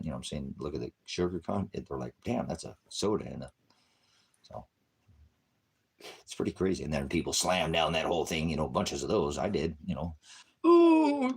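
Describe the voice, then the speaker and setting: Gruff low-voiced man ranting, swearing. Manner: rambling, combative, swears heavily; sudden shouted bursts, drops to mutters. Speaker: independent ministry preacher. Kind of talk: profane religious rant.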